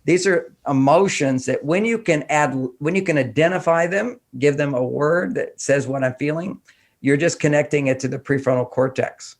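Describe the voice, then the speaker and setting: Animated man from Texas, podcast guest. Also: on the high side, moderate pace. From Houston, Texas. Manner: animated, acts out dialogues. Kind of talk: conversational interview.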